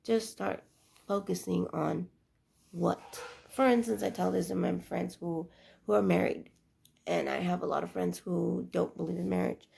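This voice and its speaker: Young woman with a real gravelly fry, preachy and rambling, talking life advice to camera. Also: on the low side, steady tone, moderate pace, mellow. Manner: earnest, preachy, rambling with restarts. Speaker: vlogger giving life advice. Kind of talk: casual advice monologue.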